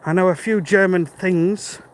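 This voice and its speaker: A man's voice: high voice, fairly even intonation, a little slow, rough recording. Chatty British man on a walk. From Britain. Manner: friendly, chatty, thinking aloud. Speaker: livestream walker reading chat. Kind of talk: casual live-stream chat while walking. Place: outdoors on a dark rural road. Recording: faint outdoor background noise. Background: birds and passing cars.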